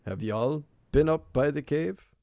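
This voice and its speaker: A man's voice: on the high side, unhurried, dark tone, dry recording, pitched above the performer's own voice. A man voicing an elderly half-elf village elder who speaks with grave, wary warnings.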